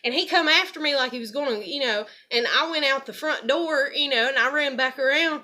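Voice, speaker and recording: A woman's voice: sits high, a little fast, pushed and bright. A woman telling a rambling, profane personal story in a heated rant. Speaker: vlogger.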